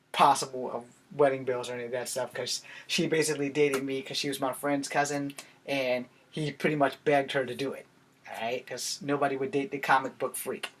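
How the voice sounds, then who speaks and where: A man in his forties with an American accent, giving a rambling, self-deprecating vlog monologue. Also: mid-range voice. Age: 40s. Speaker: vlogger. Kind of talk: casual monologue to camera.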